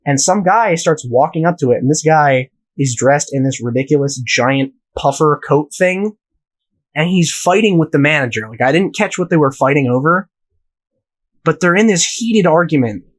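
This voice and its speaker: A man's voice: a little high, lively intonation, moderate pace, low-quality recording. A young man from the United States telling a rambling, profane story in casual podcast chat. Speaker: podcast host.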